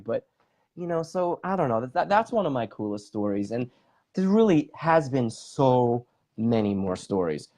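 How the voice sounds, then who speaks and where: A middle-aged man tells his story with a very lively, swooping voice, full of enthusiasm and casual fillers. He speaks as an interview guest sharing his own experiences. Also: mid-range voice, normal speed. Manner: enthusiastic, talks with his hands, lots of fillers. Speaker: guest, bodywork practitioner and facilitator.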